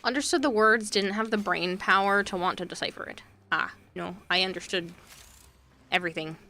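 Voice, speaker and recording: A woman livestreaming a game in a casual, rambling way, reading viewer messages aloud and riffing on them. Her voice is bright and a little sharp. Her pitch is ordinary, and she fills pauses with "uh" and "like". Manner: chatty, reads viewer messages aloud with fillers and asides. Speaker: game streamer.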